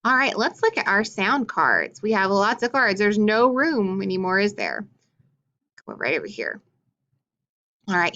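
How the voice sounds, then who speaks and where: A woman teacher leading a phonics lesson for young learners, clearly sounding out words and letters. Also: medium pitch, a bit bright, lo-fi sound.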